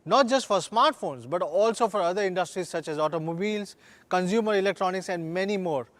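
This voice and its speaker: A middle-aged man, delivering a rousing scripted keynote at a product launch with measured, slogan-filled emphasis. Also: sits high. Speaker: company executive giving a product launch keynote.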